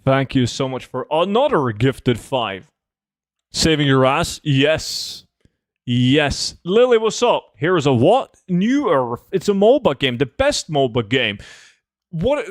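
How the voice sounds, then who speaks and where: A man's voice: fairly high pitch, dry recording, clean studio sound. A young man streaming a game, chatting casually with viewers and reading their chat messages in a loose, profane, rambling way.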